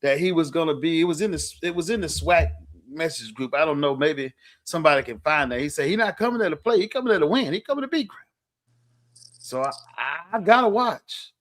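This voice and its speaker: Halting coach, slightly high voice. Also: male voice, expressive, fairly bright tone. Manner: halting, many ums and you-knows. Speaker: football coach and co-host. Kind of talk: casual sports talk.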